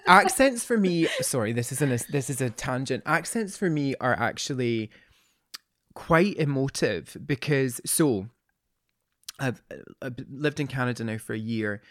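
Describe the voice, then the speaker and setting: A man's voice: medium pitch, very animated, unhurried, a bit bright, no room sound, studio quality. A man hosting a podcast, effusive and rambling, with many restarts in a casual chat. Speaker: podcast host.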